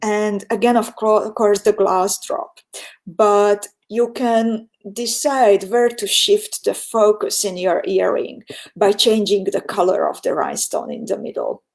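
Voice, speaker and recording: Hungarian-accented woman, beading teacher on a live stream, slow and unhurried, chatty and step-by-step. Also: mid-range voice, creaky. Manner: chatty, reads viewer comments aloud, laughs often; step-by-step instruction. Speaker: beading instructor. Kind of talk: live-stream craft tutorial.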